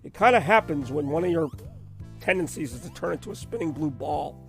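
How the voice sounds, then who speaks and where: A hoarse man with a sore throat, hosting a retro gaming stream in rambling, chatty commentary. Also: fairly high pitch, animated, brisk. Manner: rambling, chatty, self-deprecating. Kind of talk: casual live-stream commentary. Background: faint game music.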